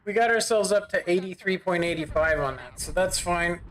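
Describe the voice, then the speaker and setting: A bright, slightly high-voiced man chats loosely through a live game stream at his home setup. He rambles, clears his throat now and then, and talks straight into a desk microphone. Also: moderate pace, slight background noise. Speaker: gaming streamer. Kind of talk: casual live-stream commentary.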